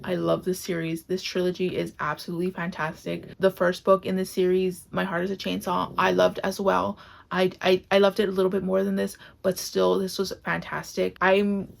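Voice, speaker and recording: A woman's voice: on the low side, completely flat delivery, normal speed, vocal fry, a little hiss or hum. A woman reviewing books to camera in a casual vlog, gushing and emotional, close to tears, with many "like" fillers. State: tearful, close to crying. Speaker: book vlogger. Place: home, on camera.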